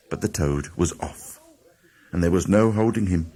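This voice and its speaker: A man narrating a children's classic as an audiobook, dramatic and animated. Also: low-pitched, normal speed. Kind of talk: storybook narration.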